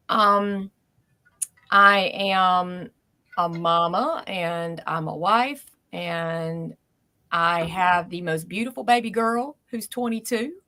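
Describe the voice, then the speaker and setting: A woman's voice: medium pitch, sharp tone. A Southern American woman in her forties, a nurse from Georgia, speaking frankly and at length as an interview guest.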